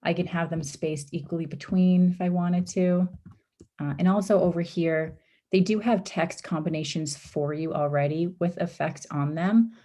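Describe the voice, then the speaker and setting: A woman runs a live design tutorial over a video call, talking step by step in an easygoing way. Her voice sits low and mellow, a little worn because she is losing it. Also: fairly even intonation, moderate pace. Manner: casual, step-by-step, with frequent ums and oopses. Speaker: workshop instructor.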